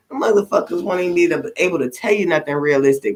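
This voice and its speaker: A woman's voice: deep voice, brisk. A middle-aged woman and tarot reader, talking in a casual livestream, blunt and profane as she preaches her advice.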